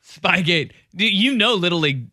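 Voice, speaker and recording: A man's voice: high voice, lively intonation, normal speed, sharp tone, dry recording, studio quality. A man co-hosting a casual sports talk show, enthusiastic and rambling with fillers. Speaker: co-host. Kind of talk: casual banter.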